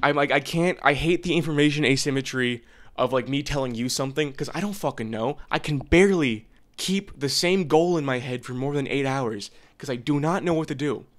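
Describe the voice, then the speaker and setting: A man's voice: mid-range voice, a little fast. A man in his twenties ranting to the camera in an unscripted vlog, blunt, profane and earnest. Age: 20s. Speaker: vlogger.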